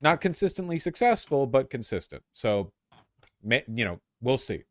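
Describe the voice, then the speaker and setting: A man's voice: medium pitch, sing-song, normal speed, no echo. A man chatting on a livestream, hesitant and hedging, stumbling over restarts as he gives his takes. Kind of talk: casual livestream chat.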